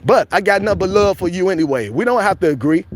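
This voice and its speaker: A man's voice: sits high, lively intonation, quick pace, a little hiss or hum. A man hosting a casual livestream chat, preachy and repetitive, calling his viewers family. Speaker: livestream host.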